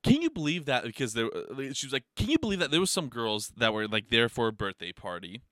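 A man with a medium-pitched voice talks quickly in a dry, studio-quality recording. He tells a story in a casual, rambling monologue, swearing a lot, leaning on "like" and "you know," and laughing as he animatedly narrates.

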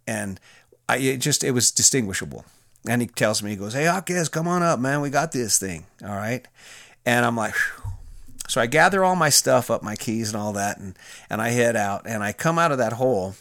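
A man's voice: medium pitch, a bit bright, no room sound, studio quality. A middle-aged man, a former prison officer, telling a personal story in a candid, plain-spoken way with restarts and fillers.

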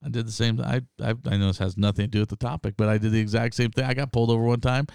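A man's voice: medium pitch, very fast, vocal fry, smooth, dry recording, clean studio sound. A man co-hosting a podcast, telling a road story in casual, profane chat. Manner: animated anecdote teller, swears freely.

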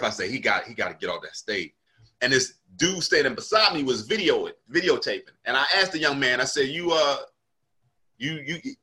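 Bright-voiced comedian telling a story. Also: male voice, mid-range voice. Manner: animated storyteller acting out quotes. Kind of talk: casual storytelling chat.

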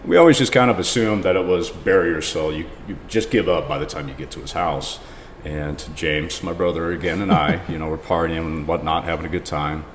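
A man's voice: low-pitched, brisk. A man guesting on a podcast, telling a rambling story casually and often laughing. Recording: reverberant room with faint noise.

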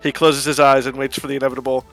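A man co-hosting a podcast in casual chat, animated as he reads out chat exchanges. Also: medium pitch, rapid-fire, creaky, faint music behind. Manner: animated, reads chat logs aloud with amusement.

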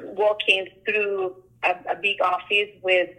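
A woman artist who works on murals, talking casually and telling stories in an animated way, often acting out the lines people said to her. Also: medium pitch, slow pace, low-quality recording. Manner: animated storyteller, acts out quoted dialogue. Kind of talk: casual conversation.

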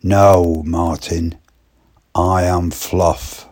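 A man doing a slow, insistent odd young lad. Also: low-pitched, little pitch movement, darkish tone. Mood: flat, drawn-out.

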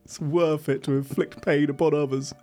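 A man's voice: on the high side, fairly even intonation, normal speed, dark tone. A man telling a sea story to his co-host in a casual, wry way, with playful asides and laughs.

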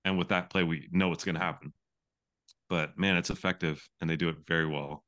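A man's voice: low-pitched, steady tone, a little fast, a bit bright, muffled recording. A man from the Pacific Northwest of the US co-hosting a casual sports betting podcast, easygoing but ready to argue a point. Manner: easygoing, argumentative, joking. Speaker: podcast co-host.

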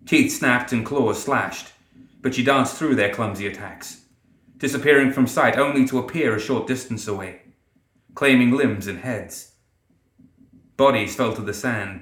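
A man narrating a dark fantasy story in a steady, dramatic way. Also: mid-range voice, echoey room. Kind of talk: scripted narration.

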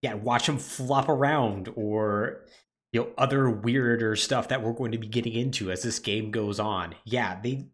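A man's voice: medium pitch, unhurried. A man co-hosting a podcast, casually recapping a video game's story and briefly acting out the characters' lines. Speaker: podcast co-host. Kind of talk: casual game recap chat.

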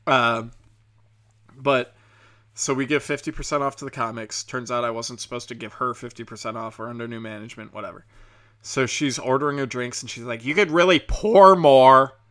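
A young man who has had a few drinks rambles through a crude, profane comic rant. His voice is bright and sharp, and his talk is full of fillers and restarts. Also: medium pitch, steady tone, fairly quick. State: tipsy from drinking. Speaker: comedian and podcast host.

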